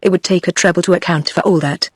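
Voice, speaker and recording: A text-to-speech woman's voice with a British English accent, reading the lines of a composed, sharp-witted young secretary in a brisk, firm manner. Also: on the low side, steady tone, slightly rough, dry recording, studio quality.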